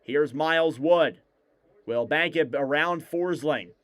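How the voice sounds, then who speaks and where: A man with a smooth, clear voice that sits a little high for a man delivers live hockey play-by-play. He fires off rapid, clipped calls and lifts his voice whenever a shot goes in. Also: a bit bright. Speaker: play-by-play commentator.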